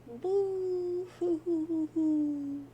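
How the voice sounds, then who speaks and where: A woman's voice: extremely high pitch, fairly even intonation, very slow, mellow, dull audio, slight background noise. A woman reading a webcomic aloud, dryly narrating the stage notes. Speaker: reader.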